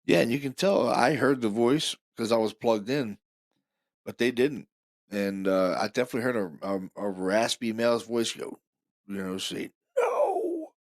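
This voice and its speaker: A man's voice: medium pitch, moderate pace, no echo, clean studio sound. A man hosting a podcast, talking casually and eagerly about recorded evidence, repeating himself often. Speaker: podcast host.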